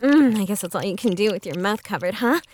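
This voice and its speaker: In an intimate audio role-play, a young woman plays a bossy, teasing roommate, keeping her voice hushed and playful and often letting out soft laughs. Her pitch sits in the middle, and she talks fast and expressively with a lightly acted delivery.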